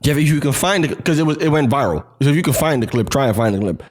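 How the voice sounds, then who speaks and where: A man's voice: medium pitch, lively intonation, quick pace. A man co-hosting a casual podcast chat, swearing freely and acting out quotes in put-on voices. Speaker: podcast co-host.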